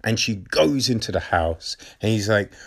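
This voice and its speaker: A man reviewing a film in a casual, animated way, often checking in with "right?" and repeating phrases for emphasis. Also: fairly low pitch, moderate pace, creaky. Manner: animated retelling with frequent "right?" and "like".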